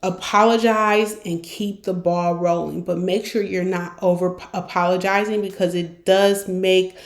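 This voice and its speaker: A woman's voice: fairly low pitch, little pitch movement, unhurried. A woman hosting a podcast, coaching listeners in a direct, encouraging way and acting out examples. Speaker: podcast host and consultant. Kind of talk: coaching monologue. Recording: roomy echo.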